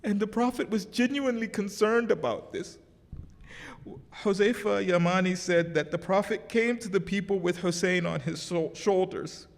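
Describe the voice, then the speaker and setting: A man's voice: high-pitched, normal speed, gravelly. A man giving a religious sermon, telling stories with passion and acting out the quoted speech. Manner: impassioned storytelling, acts out quoted speech. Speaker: sheikh giving a religious lecture. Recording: long hall reverb.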